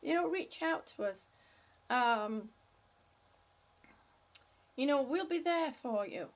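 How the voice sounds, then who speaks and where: An older woman hosting a casual livestream, calling out gentle stretches and chatting with viewers as she reads their comments aloud. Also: high-pitched, lively intonation, takes it slowly. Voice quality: breathy at times. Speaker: livestream host leading stretches. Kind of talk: casual livestream chat and exercise cues.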